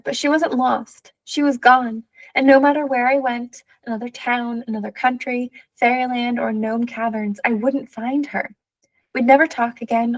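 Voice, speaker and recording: A woman reading a children's novel aloud, with measured, steady first-person narration. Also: a little high, creaky, no room sound, poor audio. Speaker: audiobook reader.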